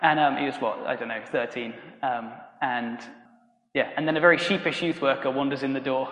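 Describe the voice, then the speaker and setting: A man's voice: mid-range voice, fairly even intonation, fairly bright tone. A man preaching a sermon in a loose, conversational way, with frequent ums and restarts. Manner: conversational and halting, many ums and restarts, laughs at own stories. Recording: roomy hall reverb.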